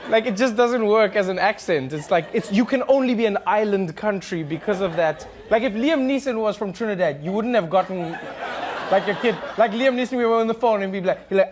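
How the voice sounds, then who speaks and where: A man's voice: high voice, animated, brisk, noisy background. A man from South Africa hosting a comedy talk show, chatting with the audience and slipping into silly put-on voices. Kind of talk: improvised comedic crowd work. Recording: studio audience laughter behind voice. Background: crowd laughter and ambience.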